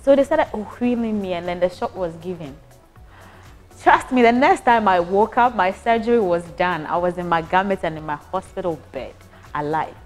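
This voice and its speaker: A young Ghanaian woman casually recounting her hospital stay as a patient, animated and prone to restarts. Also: on the low side, moderate pace, faint music behind. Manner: animated, acts out voices, frequent restarts. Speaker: patient giving a testimonial. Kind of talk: casual storytelling.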